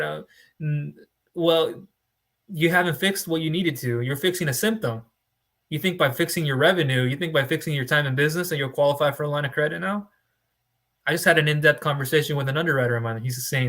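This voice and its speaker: Young male finance broker, bright forceful tone, blunt tough-love lecturer. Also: a little high, fairly quick. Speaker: small business funding broker. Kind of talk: direct-to-camera advice talk.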